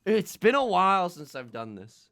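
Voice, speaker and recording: A young man giving casual, excitable commentary on his own gameplay, talking to viewers and trash-talking opponents. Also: high voice, normal speed. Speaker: let's play host. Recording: game music underneath.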